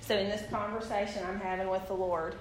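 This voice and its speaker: A woman's voice: mid-range voice, a little fast. A woman, preaching and telling a personal testimony, talking straight to her audience. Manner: storytelling, animated, addresses the audience directly. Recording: echoey room with faint background noise.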